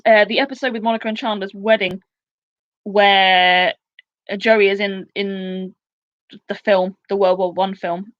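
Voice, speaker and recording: A woman in her twenties hosting a casual live quiz, chatty and excitable, with quick asides. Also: mid-range voice, muffled recording. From United Kingdom. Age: 20s. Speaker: quiz host.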